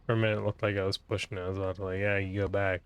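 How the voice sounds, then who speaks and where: A man's voice: on the low side, flat delivery, very fast, clean tone, muffled recording. A man giving casual let's-play commentary, sounding tired and mumbly, with offhand swearing. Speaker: gaming streamer.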